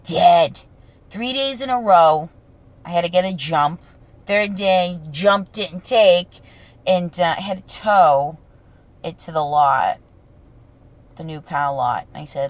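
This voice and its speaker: A woman with a thick Boston accent and a gravelly voice, hosting her own podcast as a brash, profane storyteller in a casual solo monologue. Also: on the low side, takes it slowly, long pauses. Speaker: podcast host.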